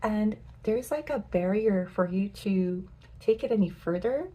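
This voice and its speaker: A young woman giving a pick-a-card tarot reading, gentle and affirming, with many filler words. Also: mid-range voice, expressive, measured pace, muffled recording. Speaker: tarot reader.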